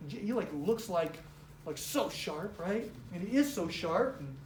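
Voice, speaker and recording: Woman, office trainer, casual pep-talk style, animated and chatty, roomy live room. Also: on the low side, measured pace, slight background noise. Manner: animated, chatty, heavy use of "like", acts out quotes.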